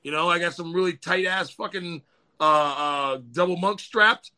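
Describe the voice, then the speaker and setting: A man's voice: high voice, normal speed, bright, forceful tone. A man talking casually on a podcast, swearing freely and acting out little voices in his stories. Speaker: podcast host.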